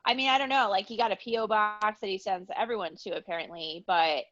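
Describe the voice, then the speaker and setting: A woman's voice: medium pitch, steady tone, quick pace, a bit bright, dull audio. A woman co-hosting a podcast in casual chat, speaking hesitantly with many restarts and sounding puzzled. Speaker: podcast co-host.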